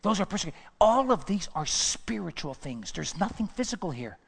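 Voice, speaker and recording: A man's voice: sits high, sing-song, moderate pace, vocal fry, fairly bright tone, breathy edge, in a large hall. A man pastor preaching a sermon with emphatic repetition, sometimes dropping to a whisper. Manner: emphatic preaching, repeats phrases, drops to whispers.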